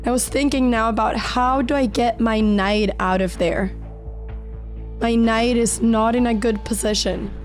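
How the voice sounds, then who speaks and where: A woman with a fairly high voice tells the story of her chess game in a calm, measured voice-over. She is slightly sick, and her voice cracks now and then. Soft music plays faintly behind her. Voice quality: occasional voice cracks. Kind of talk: reflective voice-over narration.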